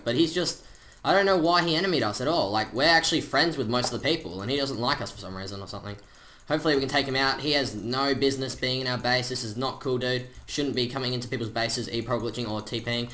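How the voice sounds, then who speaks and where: A man giving chatty, excitable commentary over his own gameplay, full of slang. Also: medium pitch. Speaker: gaming channel host.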